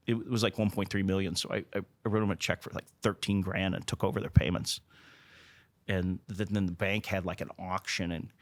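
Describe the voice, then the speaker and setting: A man with a fairly low voice talks casually with another person, telling a long anecdote in a loose, rambling way. He keeps starting sentences over and doubling up words. The sound is dry and close. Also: dry recording. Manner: rambling with frequent restarts and repeated words; animated when retelling others' words. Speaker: company president, interview guest. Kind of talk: casual storytelling in a conversation.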